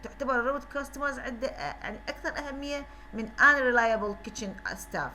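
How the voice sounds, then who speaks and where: A woman's voice: high voice, very fast, pushed and bright, slight background noise. A woman with an Iraqi Arabic accent lecturing an English class, switching between English and Arabic and repeating questions to her students. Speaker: university English teacher.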